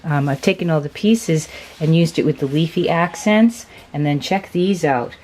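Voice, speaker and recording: Low-pitched woman, craft vlog host, admiring and chatty. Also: moderate pace, a little mellow, slight background noise. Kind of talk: casual show-and-tell of craft supplies.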